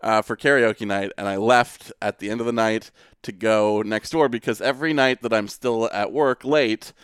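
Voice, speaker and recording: A man co-hosting a podcast, telling a rambling, animated anecdote in casual chat full of filler words. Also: on the low side, normal speed, smooth, dry recording, studio quality. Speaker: podcast co-host.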